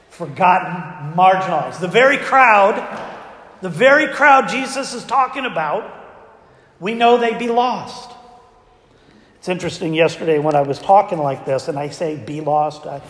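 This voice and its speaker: A man with a high voice preaches a conversational sermon and keeps throwing rhetorical questions at his congregation. His voice rings through a roomy church hall with a long reverb tail. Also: fairly bright tone. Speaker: pastor. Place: church sanctuary.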